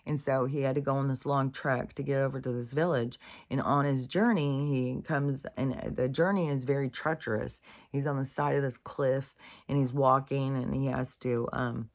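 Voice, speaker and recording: A woman's voice: very deep voice, steady tone, normal speed. A woman in a casual spiritual monologue, speaking candidly, swearing freely and restarting her sentences.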